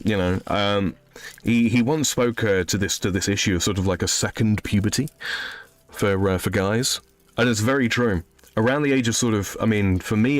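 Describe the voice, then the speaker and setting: A man in his thirties streaming a game, casually rambling as he reads chat messages aloud and answers them. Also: low voice. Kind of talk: casual live-stream chat while gaming.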